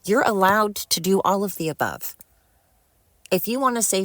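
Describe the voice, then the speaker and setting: A woman's voice: mid-range voice, lively intonation, normal speed, dry recording. A middle-aged woman hosting a solo podcast, rambling and heartfelt, swearing freely as she vents and then thanks her listeners. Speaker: podcast host.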